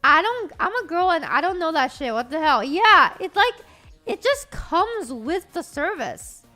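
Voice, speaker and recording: High, lively woman streamer. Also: a little slow, soft background music. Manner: animated, profane storytelling. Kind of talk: casual livestream chat.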